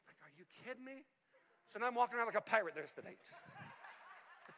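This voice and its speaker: A man in his forties preaching a sermon, telling personal stories in an animated, conversational way with self-deprecating humor. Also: extremely high pitch, fast talker, long pauses. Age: 40s. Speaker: pastor.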